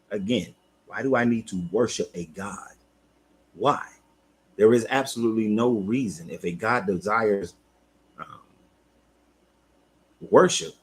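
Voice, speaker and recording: A man's voice: low voice, breathy edge. A man hosting a live stream, reading scripture and commenting on it in a loose, rambling way, breaking off to greet viewers by name. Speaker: spiritual coach and host.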